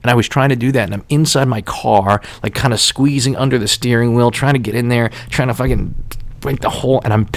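A man telling casual, profane stories with lots of laughter in an animated, swearing manner. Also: medium pitch, fairly quick.

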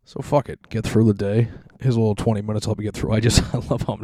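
A young man rants on his podcast, cursing freely and laughing at his own complaints. His voice sits fairly low and mellow, and the recording is dry and close. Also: steady tone, fast talker, dry recording. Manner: profane, rambling, laughing complaints. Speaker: podcast host. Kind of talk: casual profane podcast rant.

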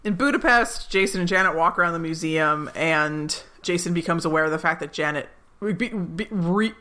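Woman, podcast co-host, bright tone, casual episode recap, chatty asides. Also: fairly low pitch, moderate pace. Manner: lively retelling with many "like" asides and laughs.

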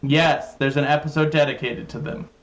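A man's voice: a little high, steady tone, normal speed, a bit bright, dull audio. A man chatting casually on a podcast, joking and rambling with many fillers. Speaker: podcast host, guest.

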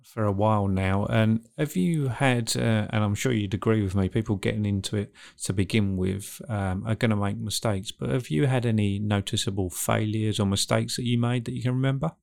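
A man hosting a gardening podcast, asking questions in a halting, hesitant way. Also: fairly low pitch, vocal fry, darkish tone. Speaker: podcast host. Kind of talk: interview questions.

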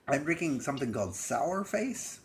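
A man's voice: a little high, very animated, moderate pace. A man co-hosting a podcast, chatting casually and playfully about drinks. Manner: playful, jokey banter. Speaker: podcast co-host. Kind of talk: casual chat. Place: home in Boston.

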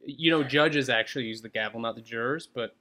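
A man's voice: mid-range voice, a little fast, bright, forceful tone. A man co-hosting a casual podcast, wry and given to nitpicking the others. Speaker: podcast co-host. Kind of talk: casual chat.

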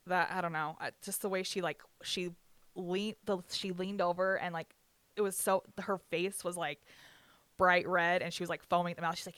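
A young woman recounts painful family memories in raw, candid talk, swearing freely and laughing through the hurt. Her voice is bright and crisp, recorded close and dry. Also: fairly low pitch, steady tone, moderate pace, no room sound. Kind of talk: candid personal storytelling.

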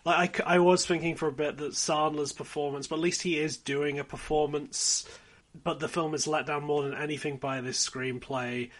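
A man's voice: a little high, fairly even intonation, moderate pace, fairly bright tone. Dry-witted man reviewing films. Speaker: podcast co-host. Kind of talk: casual film review chat.

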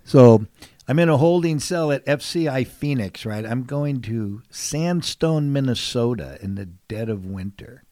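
A middle-aged man from San Diego telling candid personal stories in conversation, earnest and emphatic, dropping to a hush and then rising loud. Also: mid-range voice, animated, a little slow, dry recording. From San Diego, California. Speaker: guest, fisherman and TV personality.

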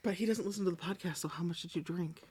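A woman's voice: lowish voice, fast, a little mellow, husky, no echo. A woman co-hosting a podcast, making dry, teasing remarks in casual chat. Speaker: podcast co-host.

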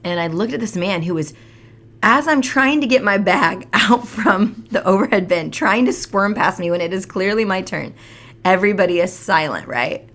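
A woman's voice: mid-range voice, normal speed. A woman co-hosting a casual chat show, telling a story with lots of laughter. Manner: animated storytelling, laughs often. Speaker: podcast co-host.

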